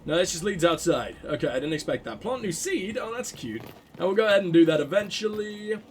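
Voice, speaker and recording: A man giving casual gameplay commentary, reacting out loud and swearing freely as he thinks aloud. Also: high voice, lively intonation, fairly quick, slight background noise. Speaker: let's play commentator.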